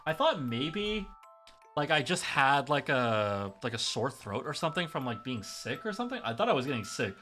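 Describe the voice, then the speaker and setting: A man with a sore throat chats casually while streaming a story game. His voice is bright and full of fillers and curses. Faint music plays behind. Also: medium pitch, big pitch swings, moderate pace. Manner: chatty, filler-heavy, swears.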